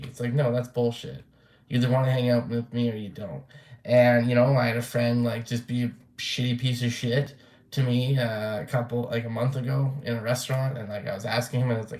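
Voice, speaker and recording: A man's voice: mid-range voice, flat delivery, quick pace, darkish tone. Young man, casual vlog rant, blunt and profane, loose rambling delivery, roomy echo. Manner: rambling, blunt, swears freely, many fillers. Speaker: vlogger.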